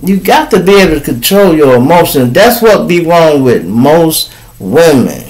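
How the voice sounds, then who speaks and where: A man's voice: on the high side, very animated, moderate pace, darkish tone, low-quality recording. A man from Chicago hosting a podcast, giving casual, profane commentary and acting out quoted people in raised voices. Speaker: podcast host.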